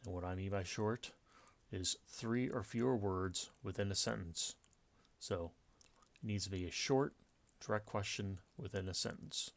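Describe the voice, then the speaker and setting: A man explaining punctuation rules in a casual lecture, relaxed and explanatory, with frequent fillers and restarts. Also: low voice, unhurried, creaky. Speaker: writing teacher.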